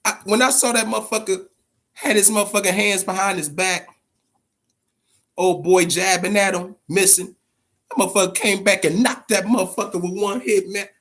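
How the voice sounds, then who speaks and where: His voice sits high and moves at normal speed. He's a man hosting a boxing channel in laid-back live-stream talk, animated, profane, and dropping "man" at the end of almost every line.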